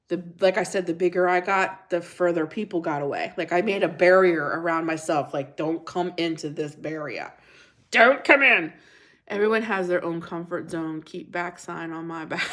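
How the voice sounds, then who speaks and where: A middle-aged woman hosting a casual livestream, chatting and laughing as she reacts to viewer comments. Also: on the low side.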